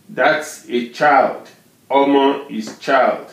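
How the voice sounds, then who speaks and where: A man with a slightly high voice teaches a language lesson at a very slow, deliberate pace. He repeats words and syllables again and again, marking each tone. The sound carries a noticeable room echo. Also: muffled recording. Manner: drills syllables and tone names, repeating words slowly. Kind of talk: slow, patient pronunciation lesson.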